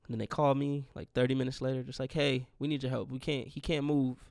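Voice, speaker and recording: A man's voice: mid-range voice, level tone, fast talker, darkish tone, no echo, studio quality. A man in his twenties hosting a podcast, telling a rambling, profane, grieving story in a casual monologue. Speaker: podcast host.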